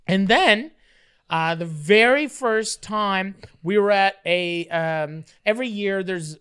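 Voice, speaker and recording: A man's voice: high-pitched, slow, smooth. A man from Canada, a podcast guest, telling rambling stories in casual chat and acting out voices along the way. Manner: rambling, animated, acts out voices in his stories. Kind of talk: casual storytelling.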